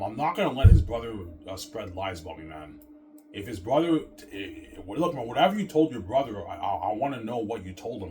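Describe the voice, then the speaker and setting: Low-voiced man ranting, stammering and repetitive. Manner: rambling, repeats "man" and "obviously", stammers, swears. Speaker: vlogger. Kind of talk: casual rant to camera.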